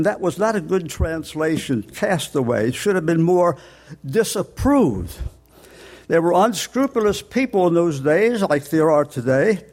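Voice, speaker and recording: An older man preaching a sermon, explaining scripture step by step in a plain teaching tone and slowing down on key words. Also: high-pitched, a little mellow.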